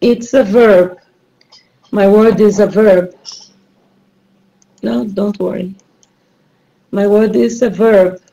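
A woman leads a rhyming word game as an online teacher. She speaks slowly in a mellow, warm voice, repeating clues with patient encouragement. The recording sounds dull and lo-fi. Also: mid-range voice, steady tone, creaky.

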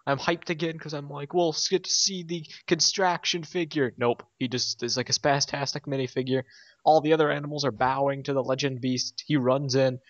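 A man's voice: a little high, little pitch movement, fairly quick, no room sound. A man recapping a cartoon episode in casual chat, rambling, laughing often and quoting the characters in jokey voices. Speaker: show co-host. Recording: dry, dull lo-fi mic.

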